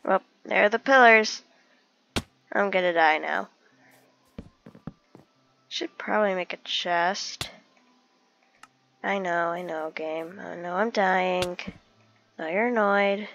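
A woman's voice: fairly low pitch, takes it slowly, vocal fry, long pauses, a bit bright, a little hiss or hum. A woman talking to herself as she plays a survival game, describing each step she takes. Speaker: gamer narrating her own play. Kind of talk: casual let's-play commentary. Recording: dull lo-fi recording.

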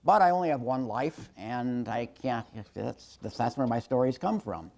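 A man in his sixties giving a public lecture told through stories, wry and self-deprecating, often halting and restarting his sentences. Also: medium pitch, expressive, gravelly, a little mellow. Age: 60s. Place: lecture hall with an audience.

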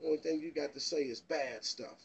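An excitable man preaching informally from the Bible, stammering over repeated words and pressing rhetorical questions. His voice sits high and gravelly with a husky edge. The recording is muffled and lo-fi. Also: fairly quick. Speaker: Bible teacher.

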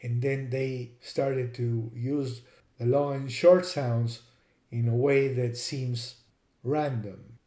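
A man's voice: medium pitch, steady tone, takes it slowly, mellow, reverberant. A man patiently explaining a language lesson step by step, spelling out words as he goes. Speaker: teacher.

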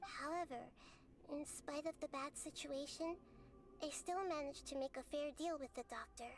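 A woman voicing a small, wise, girlish goddess in a game, speaking softly and in a measured, earnest way. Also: sits high, lightly acted. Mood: calm. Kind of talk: game voice acting.

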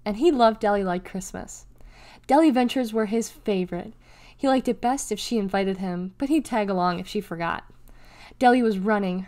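A woman reading a children's novel aloud, acting out the dialogue with raised pitch, loud calls and whispers. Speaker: reader.

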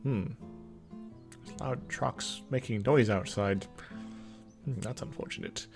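A man's voice: mid-range voice, slow pace, gravelly, a little mellow, faint music behind. A young man giving casual let's-play commentary, rambling, mumbling and chuckling to himself as he plays. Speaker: gameplay commentator. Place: indoor room with loud trucks outside.

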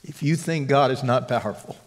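A man teaching a church Bible class, emphatic, dropping to a hush on key lines. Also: mid-range voice, brisk, long reverb tail. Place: church hall.

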